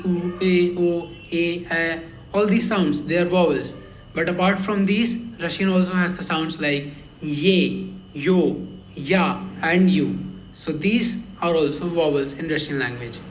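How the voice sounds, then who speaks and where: Male tutor, high voice, slow and careful delivery with many repetitions, echoey room. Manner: slow and careful, repeats words for pronunciation. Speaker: language learner teaching lessons. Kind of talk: slow explanatory lesson.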